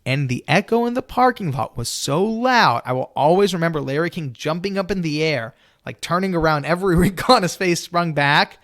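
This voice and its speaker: A young man with a slightly higher voice tells a story with lots of animation, jumping up into an excited, higher register when he acts out his own lines. The sound is dry and close, with no room echo. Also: a little fast, few pauses. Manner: peppers speech with "you know". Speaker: storyteller guest.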